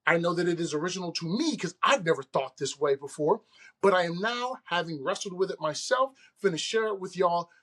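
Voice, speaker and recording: A man's voice: sits high, expressive, a little fast, fairly bright tone. A man hosting his own podcast, talking straight to listeners in an earnest, conversational way and laughing off his own slip-ups. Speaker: podcast host. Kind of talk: solo podcast monologue.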